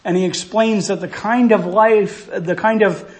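A pastor preaching an expository sermon, earnestly teaching through a passage verse by verse and asking rhetorical questions. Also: male voice, high-pitched, steady tone, a little slow, a little mellow.

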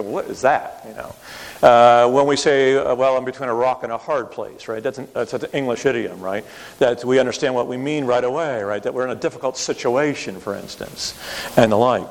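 Man, Bible teacher, explanatory lecture, keeps asking "right?", mid-pitched voice, long hall echo. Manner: explanatory, checks in with frequent tag questions.

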